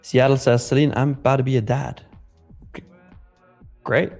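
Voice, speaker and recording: A man's voice: mid-range voice, flat delivery, normal speed, a little mellow, faint music behind. A man co-hosting a live trading stream in casual chat, joking and blunt, reading viewer messages aloud.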